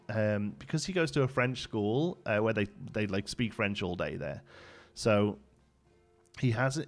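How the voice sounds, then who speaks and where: Chatty Brummie man, low-pitched voice. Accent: Birmingham (Brummie). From Birmingham, England. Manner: rambling and chatty, with many restarts and fillers. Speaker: game streamer. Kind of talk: casual live-stream chat. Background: faint background music.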